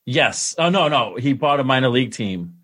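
A man in a casual conversation, relaxed and enthusiastic as he recalls films he loves. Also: medium pitch, normal speed. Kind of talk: casual chat.

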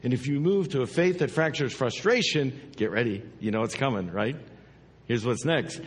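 A man pastor giving a sermon, his dynamic preaching swinging from hushed, drawn-out lines to emphatic, rising ones. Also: medium pitch, slightly rough, in a large hall.

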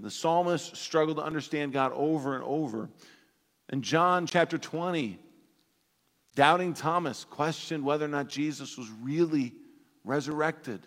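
A man preaching a sermon as pastor, animated and playful, acting out everyday voices for laughs. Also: on the high side, long reverb tail. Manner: animated, acts out voices of toddlers and parents for laughs.

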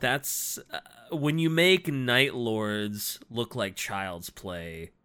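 A man co-hosting a casual podcast, reacting excitably with exclamations and laughs. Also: medium pitch, very slow, smooth. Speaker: podcast co-host.

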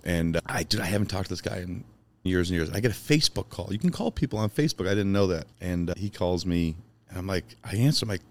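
Brief: low-voiced man from Chicago, podcast guest, emphatic and sincere storyteller. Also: fast. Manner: emphatic, heartfelt, swears casually. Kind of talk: personal storytelling in conversation.

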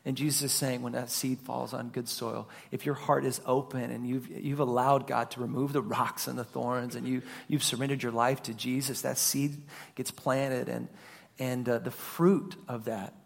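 A middle-aged man preaching a sermon as a pastor, telling family stories with loud animated bursts and quiet mock voices. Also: mid-range voice, moderate pace, vocal fry.

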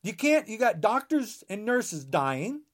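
A man's voice: sits high, very animated, a little slow. A man in his sixties delivering a heated, rambling podcast monologue, emphatic and full of restarts. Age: 60s. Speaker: podcast guest.

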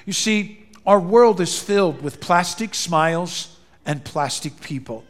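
A male pastor preaching an animated sermon that acts out quoted dialogue. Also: high-pitched, unhurried. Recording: long reverb in a large hall.

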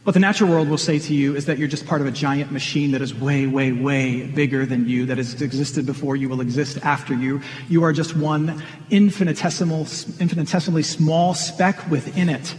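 A man's voice: a little high, steady tone, a little fast, a little mellow. A man preaching a sermon in an earnest, conversational way, asking his listeners questions. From Michigan. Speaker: pastor. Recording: long reverb of a large hall.

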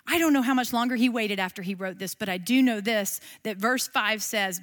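A middle-aged woman leads a Bible class in an easy, talky manner. She keeps asking her listeners questions, and her voice sits fairly high. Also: moderate pace, hardly any pauses, a bit bright. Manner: conversational, asks the listeners questions. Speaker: Bible teacher. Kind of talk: casual devotional teaching.

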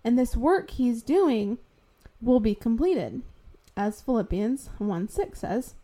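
A young woman with a slightly raised voice speaks slowly and deliberately, sharing her faith testimony. She sounds earnest and heartfelt, holding back tears as she goes. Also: a little high, very animated, mellow. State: tearful, fighting back tears. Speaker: podcast host sharing testimony.

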